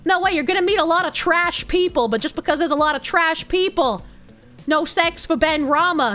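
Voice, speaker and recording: A woman's voice: extremely high pitch, normal speed, fairly bright tone, soft background music. A woman live streamer in casual chat, reading out donations and thanking viewers in a loose, profane way and laughing often.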